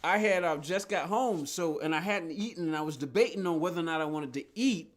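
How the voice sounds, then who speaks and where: A man's voice: a little high, brisk. A man streaming a racing game, chatting casually with viewers and thinking aloud as he plays. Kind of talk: casual live-stream chat while playing.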